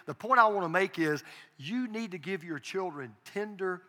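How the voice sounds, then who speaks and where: In a reverberant church sanctuary, an earnest older pastor delivers a sermon in a high, sharp, animated voice at a moderate pace. His storytelling is confessional, and he leans on emphatic repetition.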